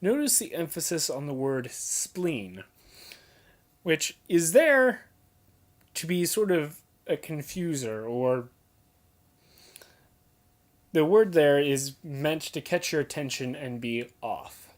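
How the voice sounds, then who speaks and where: A young adult explaining how to read poetry aloud, pointing out pauses and emphasis as clips play. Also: medium pitch, big pitch swings. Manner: points out details, emphasizes and repeats examples. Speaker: teacher explaining poetry reading. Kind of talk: casual spoken lesson.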